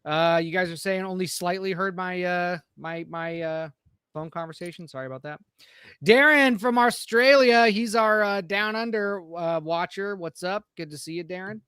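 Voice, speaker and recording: A man's voice: high-pitched, moderate pace, a bit bright, smooth, no room sound, studio quality. A man co-hosting a casual live-stream podcast, upbeat as he greets viewers in the chat by name. He rambles with fillers and restarts along the way. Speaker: podcast co-host.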